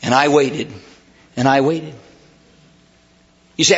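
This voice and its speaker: A man preaching a sermon, swinging from hushed quiet words to emphatic shouts, recorded in a church. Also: fairly high pitch, fairly even intonation, slow pace, lo-fi sound. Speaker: pastor. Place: church sanctuary.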